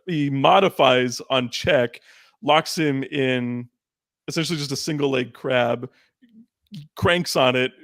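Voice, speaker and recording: Casual podcast co-host, male, gravelly mid-pitched voice, quick recapper. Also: no echo. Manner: recaps matches in quick run-downs, laughs often. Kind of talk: casual wrestling podcast chat.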